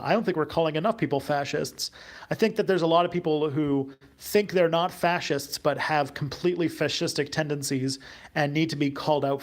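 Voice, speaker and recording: Male streamer, gravelly voice, casual unscripted Q&A, hesitant and halting. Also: a little high. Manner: hesitant, many fillers and restarts. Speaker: YouTube host. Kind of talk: livestream Q&A reading viewer questions.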